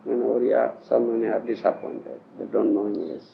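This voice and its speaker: On a dull, lo-fi 1980s tape, a spiritual teacher from India with an Odia accent lectures devotees on scripture. His voice is fairly low and even in intonation, brisk and creaky, with a little hiss or hum. He is emphatic, often laughing and asking the audience whether they understand.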